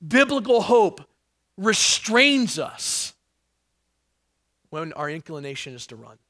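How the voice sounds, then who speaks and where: A man preaching a sermon with a high, bright voice that moves from loud emphatic passages down to near-hushed lines. He throws in joking asides for the congregation. The sound is dry and close, with little room around it. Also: no room sound. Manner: animated, swings from loud emphasis to hushed tones. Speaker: pastor.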